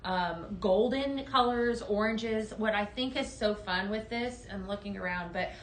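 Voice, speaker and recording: A woman's voice: mid-range voice, unhurried, echoey room, slight background noise. A woman hosting a live home-decor sales stream, gushing over products in an upbeat way and talking straight to viewers. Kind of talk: live product demo chat.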